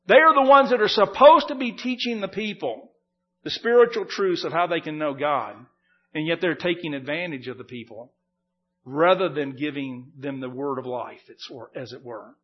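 A man's voice: a little high, moderate pace, breathy edge, dull audio. A man preaching an expository sermon, earnest and emphatic, often repeating and restarting his phrases. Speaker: pastor.

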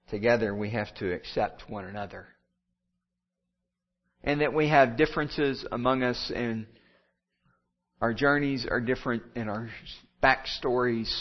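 A pastor gives a sermon to his congregation in a steady, medium-pitched voice. He develops his points with repeated phrases that rise and fall, and the recording is muffled and lo-fi.

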